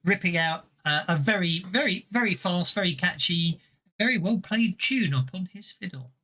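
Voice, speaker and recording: Bright male game master, halting and amused, fairly high voice, narrating a tabletop game. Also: expressive. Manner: halting, self-interrupting, amused.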